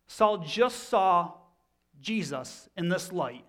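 Man preaching, relaxed and conversational. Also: high-pitched, slow pace. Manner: conversational teaching with repeated restarts. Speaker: pastor. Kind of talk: sermon.

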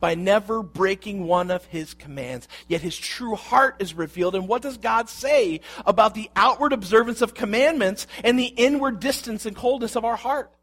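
A man with a fairly high voice delivers a sermon. He reads scripture aloud, then explains it in an expressive preaching manner and asks rhetorical questions. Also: normal speed, hardly any pauses. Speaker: pastor.

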